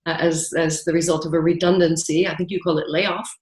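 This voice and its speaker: A woman's voice: on the low side, flat delivery, fairly quick, a little mellow, reverberant, poor audio. A woman from New York who has lived long in the UK, talking in a chatty way as an interview guest on a video call. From New York, raised partly in the US and then the UK. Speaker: interview guest, author and coach.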